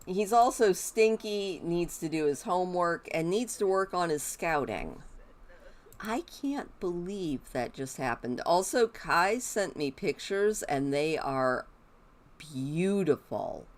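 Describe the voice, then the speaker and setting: A woman's voice: fairly low pitch, animated, slow pace. A woman streaming a life-sim game, chatting as she plays and talking to her characters. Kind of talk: live gameplay commentary.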